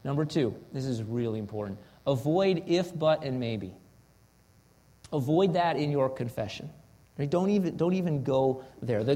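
A pastor with a mellow, mid-range voice preaches earnestly. He poses rhetorical questions and acts out sample confessions.

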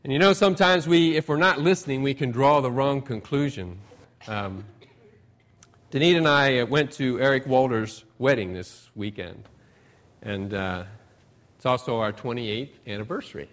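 A man's voice: medium pitch, normal speed. Folksy middle-aged man preaching a sermon. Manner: folksy storytelling, rising emphasis then trailing off softly. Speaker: pastor. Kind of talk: conversational sermon.

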